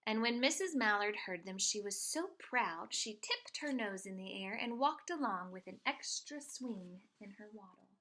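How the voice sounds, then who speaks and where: A woman teacher reading a picture book aloud to children, expressive and pointing out the pictures. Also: mid-range voice, normal speed, hardly any pauses.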